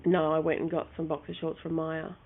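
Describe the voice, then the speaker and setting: A woman, co-hosting a casual chat and telling her stories in an animated way, often restarting her sentences. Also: low-pitched, fairly quick. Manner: animated storytelling with many restarts. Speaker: co-host. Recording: phone-like narrow sound.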